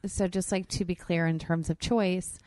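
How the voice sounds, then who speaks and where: A woman hosting a podcast in casual chat, candid and profane, talking freely and getting animated. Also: on the low side, moderate pace, crowd noise. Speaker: podcast host. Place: hot room.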